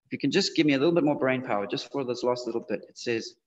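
A man's voice: mid-range voice, very fast, a little hiss or hum. A man giving a casual, conversational sermon to teenagers in a church hall. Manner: casual, conversational, with frequent fillers. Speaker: youth preacher. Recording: dull, slightly muffled sound with long hall reverb.

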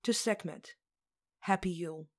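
A woman voicing a calm, earnest coven leader who speaks slowly and solemnly. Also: on the low side. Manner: slow, solemn speech-making.

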